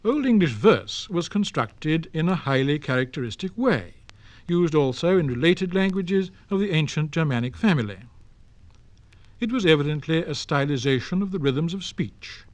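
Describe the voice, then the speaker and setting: A man giving a scripted lecture in a precise, deliberate way, slowing down to sound out example words, on a dry 1960s studio LP recording. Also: fairly high pitch, lively intonation, dry recording. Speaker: lecturer on Old English. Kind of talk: scripted spoken-word lecture.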